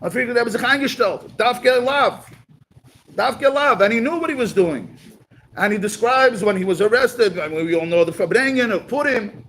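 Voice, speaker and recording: A man's voice: high-pitched, lively intonation, a little fast, a bit bright, slight background noise, poor audio. A man giving a talk, telling a story at a community gathering and mixing in Yiddish and Hebrew words.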